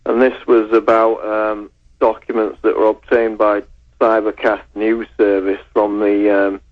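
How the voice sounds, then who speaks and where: A male researcher and writer calling in to a radio show, speaking in a measured way and citing articles. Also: lowish voice, level tone. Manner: measured, reads titles and sources. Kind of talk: phone-in radio interview. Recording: muffled phone line on radio.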